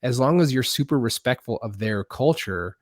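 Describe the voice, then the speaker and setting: A man's voice: mid-range voice, expressive, moderate pace, no room sound, studio quality. A man on a podcast as a guest, telling casual stories with lots of fillers and restarts. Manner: rambling, many fillers and restarts. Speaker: podcast guest, outdoor video creator. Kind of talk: casual storytelling chat.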